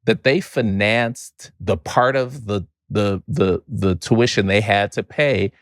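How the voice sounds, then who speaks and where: Low-voiced man telling a family story. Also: takes it slowly, no room sound, studio quality. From Chicago, United States. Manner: animated storyteller, repeats words while finding the next thought. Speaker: podcast guest. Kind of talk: storytelling in a conversational interview.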